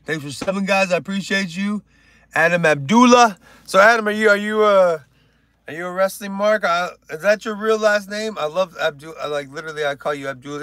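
A man's voice: high-pitched, fairly quick, a bit bright, no room sound, studio quality. A man hosting a casual livestream, joking, rambling and reading chat aloud. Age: older. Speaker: livestream host.

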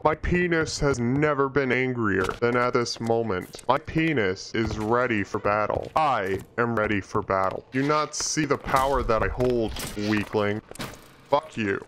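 Slow-talking man in crude, panicky game commentary. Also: background noise. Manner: panicky, crude and mock-grandiose, with jumpy pitch. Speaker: gaming YouTuber. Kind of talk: profane gameplay commentary.

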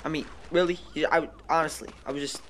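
A male gaming YouTuber giving excitable let's-play commentary, often shrieking and laughing at the game. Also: a little high, fast talker, slight background noise. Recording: game music playing loudly behind. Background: game music and sirens.

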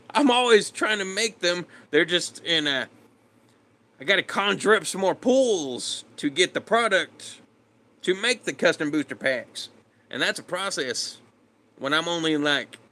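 A man's voice: high voice, sharp tone. A man casually chatting with his live stream viewers, laid-back and greeting them by name. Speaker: streamer reading chat.

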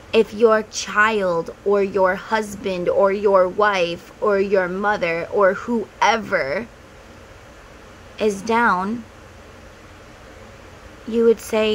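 A middle-aged woman who runs a tarot and spiritual vlog speaks slowly, with long pauses, in a medium-pitched voice. Casual and heartfelt, she offers earnest advice directly to her viewers. The audio is poor, with slight background noise.

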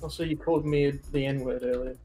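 A man's voice: medium pitch, steady tone, a little fast, mellow, faint music behind. A man gaming with friends in casual chat, dry and sarcastic. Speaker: gamer.

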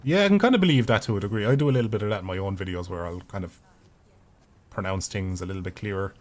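An Irish man in his thirties talks quickly and swears freely as he streams a game, his voice sitting a little low. Faint game sounds run quietly behind him. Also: a little hiss or hum. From Ireland. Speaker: gaming streamer. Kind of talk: casual live gameplay commentary.

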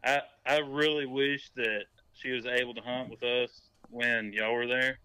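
Podcast guest, man, bright clear tone, relaxed and friendly, dry close mic. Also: mid-range voice, unhurried, dry recording, rough recording. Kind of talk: casual chat.

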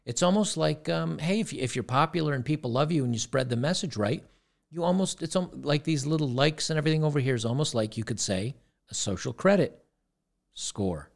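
Gravelly man with sarcastic asides. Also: fairly high pitch, expressive, a little fast. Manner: rambling, repeats words, sarcastic asides. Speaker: commentary channel host. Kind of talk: casual reaction commentary.

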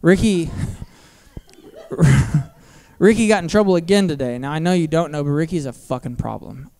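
A man in his thirties performing stand-up on a comedy theater stage, his voice smooth and clear through a handheld mic. He sits a little high for a man and tells filthy family stories in a flat, self-mocking way. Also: moderate pace. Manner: crude, deadpan storytelling with self-mocking asides.

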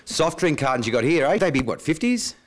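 A man's voice: a little high, very animated, brisk. An Australian man hosting a show, chatting in an enthusiastic, blokey way with guests. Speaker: host. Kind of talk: casual chat.

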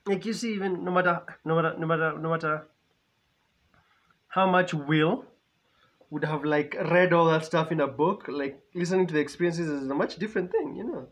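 A man with a fairly high voice chats through a movie reaction. He laughs often and repeats himself as he talks. His commentary stays casual and excited. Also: normal speed.

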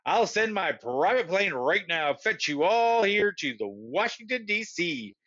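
A man voicing a stern, busy middle-aged male president who speaks briskly and formally, in a dull lo-fi recording. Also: high-pitched, sing-song, fairly bright tone, exaggerated voice.

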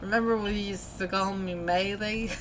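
A woman's voice: mid-range voice, steady tone, moderate pace, fairly bright tone, a little hiss or hum, lightly acted, low-quality recording. A woman voicing a drunk young female cat who rambles, slurs and apologizes over and over, read from a story game. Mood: drunk pleading. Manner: slurred, rambling, pleading.

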